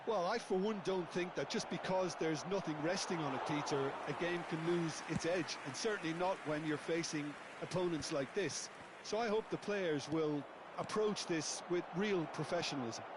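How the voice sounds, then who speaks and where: A man giving measured, analytical football co-commentary between the main caller's lines. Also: a little high. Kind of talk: sports commentary from a video game. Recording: loud background noise.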